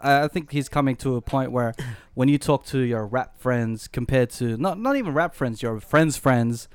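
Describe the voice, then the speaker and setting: A man's voice: medium pitch, normal speed, smooth, no room sound. A man, co-hosting a casual podcast, teasing his friends and laughing easily. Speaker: podcast co-host. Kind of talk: casual chat.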